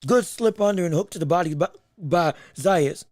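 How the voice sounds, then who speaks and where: A man hosting a podcast and giving live boxing commentary, reacting excitedly to each punch and often correcting himself. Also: sits high, dry recording, studio quality. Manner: excitable, quick reactions, frequent self-corrections. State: hiccups. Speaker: podcast host and fight commentator.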